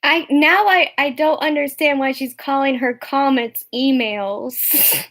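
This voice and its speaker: A woman's voice: high voice, slow pace, a bit bright. A young woman streaming live who chats casually with viewers in a teasing, mocking way. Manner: teasing, mocking, often laughing. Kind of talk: casual livestream chat.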